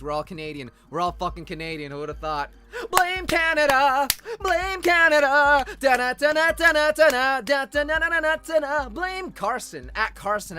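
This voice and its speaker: A man playing through a story game on stream, with a higher-than-average and very bright, forceful voice. He switches between reading the game's text and cracking jokes, swearing, and sudden loud shouts. Faint game music plays behind him. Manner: excitable, jokey, swears, bursts into loud shouts. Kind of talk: let's play commentary and reading game text.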